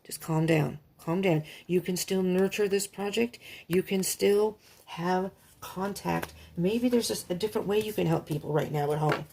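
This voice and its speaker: A woman voicing a soothing, motherly female earth spirit who gently coaxes the listener to calm down. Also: on the low side, normal speed, vocal fry, few pauses. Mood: coaxing. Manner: gentle, coaxing, pleading.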